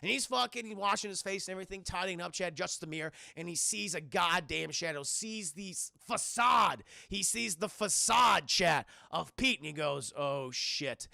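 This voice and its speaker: A man excitedly recapping a film for his live-stream chat, swearing freely and acting out the characters' lines in shifting voices. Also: high voice, normal speed, gravelly, few pauses, no echo, clean studio sound. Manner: excitable, profane, keeps addressing chat.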